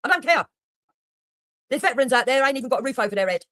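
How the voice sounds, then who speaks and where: Woman ranting on a stream, swears a lot, fast and all over the place, dry sound. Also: high voice, expressive, fairly bright tone, dry recording. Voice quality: blunt, heavy swearing, mocking. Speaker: livestreamer reacting to another streamer. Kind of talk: heated reaction commentary.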